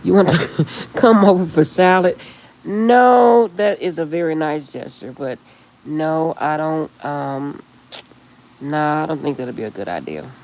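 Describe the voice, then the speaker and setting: A middle-aged woman chatting casually with live viewers on her phone, rambling warmly and laughing often. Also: deep voice, lively intonation, unhurried, poor audio. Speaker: livestream host.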